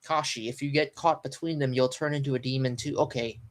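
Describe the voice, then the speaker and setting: A sleepy, yawning man doing a casual live read-through and reaction, pausing often with ums and restarts. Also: medium pitch, steady tone. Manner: halting, stops often with ums and restarts while reading. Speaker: live manga reaction streamer.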